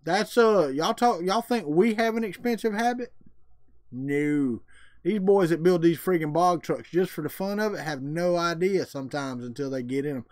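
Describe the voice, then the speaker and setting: A man's voice: fairly high pitch, moderate pace, a little mellow, no echo. Folksy Southern man, dry close mic. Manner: folksy, drawling, jokey. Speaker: livestream host. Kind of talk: casual chat with live viewers.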